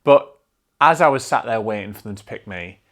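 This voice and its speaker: A man hosting a solo film podcast, talking in an energetic, rambling way and swearing freely. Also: lowish voice, fairly quick. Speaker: podcast host.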